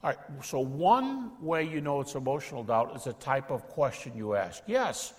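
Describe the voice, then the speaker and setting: A middle-aged man teaching a lecture to an audience, acting out dialogues with doubters in an animated way. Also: medium pitch, moderate pace, long reverb tail. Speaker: speaker teaching apologetics.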